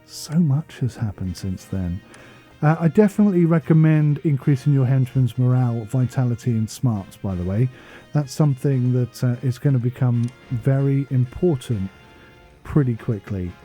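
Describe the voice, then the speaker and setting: A man's voice: medium pitch, moderate pace, warm tone, soft background music. An English man rambling through a casual gameplay commentary voice-over, chatty and self-deprecating, often wandering off on tangents. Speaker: gaming channel host.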